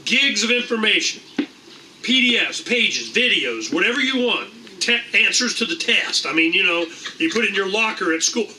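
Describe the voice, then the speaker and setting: In a meeting room, a middle-aged host of a liberty meeting gives an animated, rambling and irreverent talk with casual cursing. His voice sits high, pushed and bright with lively intonation at normal speed, and a distant mic picks up faint noise.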